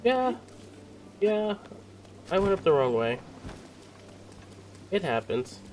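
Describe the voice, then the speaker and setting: A man's voice: medium pitch, expressive, unhurried, a little mellow, slight background noise. A man casually commenting while streaming a video game live, joking and talking to himself.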